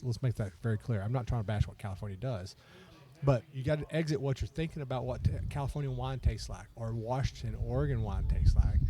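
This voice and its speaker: A man hosting a podcast, telling stories in a relaxed, chatty way and laughing often. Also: medium pitch. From Texas. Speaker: podcast host. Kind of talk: casual chat.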